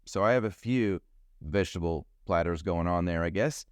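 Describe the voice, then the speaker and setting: Guy hosting his own podcast, deep voice, chatty and jokey, dry close sound. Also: moderate pace, clear, resonant tone, dry recording. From New Zealand. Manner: chatty and jokey, food metaphors. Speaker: podcast host; financial advisor. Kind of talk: solo podcast monologue.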